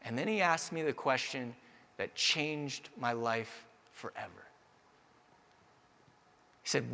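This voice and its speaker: A man's voice: mid-range voice, takes it slowly, gravelly, pauses often. Man telling stories in a reverberant hall. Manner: personal storytelling that builds to energetic audience address. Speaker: keynote speaker. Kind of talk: motivational keynote storytelling.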